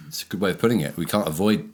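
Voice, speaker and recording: A man from the south of England with a low, deep voice, talking over last Sunday's sermon. He explains things slowly and thoughtfully, leaning on key words in a relaxed conversation. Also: slight background noise. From England, Brighton. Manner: reflective, explaining with slow emphasis. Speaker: church leader discussing the Sunday sermon. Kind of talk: casual chat about a sermon.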